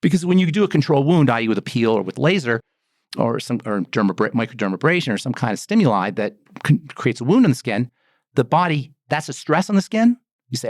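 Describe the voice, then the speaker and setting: A middle-aged man, a pharmacist and skin care formulator, explaining in a lively podcast talk, asking rhetorical questions and acting out exclamations. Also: mid-range voice, quick pace, dry recording, clean studio sound. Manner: animated, rhetorical, acts out exclamations.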